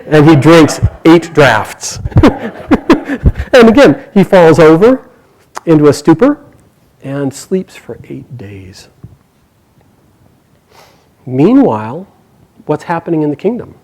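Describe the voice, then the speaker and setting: Animated male storyteller, shifting loud and hushed. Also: on the high side, poor audio. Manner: lively, animated retelling with quick bursts and hushed quoted asides. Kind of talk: casual oral storytelling.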